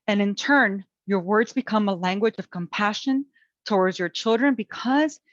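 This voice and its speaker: A middle-aged woman teaching a parenting webinar, gentle and coaching in tone, talking through calm self-talk. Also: mid-range voice, moderate pace, dry recording, dull audio. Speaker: parent educator.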